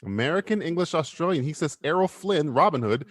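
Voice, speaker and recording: A man's voice: a little high, lively intonation, fast talker, dry recording. A man hosting a casual livestream talk show, running a quiz game with rowdy joking, frequent swearing and stammered restarts. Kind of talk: casual profane livestream banter.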